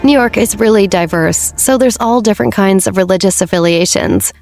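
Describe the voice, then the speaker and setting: A woman voicing a kind teenage girl who speaks warmly and sincerely. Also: medium pitch, fairly quick, faint music behind, close to an everyday voice. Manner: warm and sincere.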